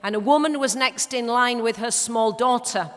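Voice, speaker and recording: A woman's voice: fairly high pitch, moderate pace. A woman in her sixties with a Yorkshire accent, speaking at a church mission, telling stories with humorous asides and some hesitations. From Leeds, northern England. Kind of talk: church talk with anecdotes. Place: large church. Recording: long church reverb.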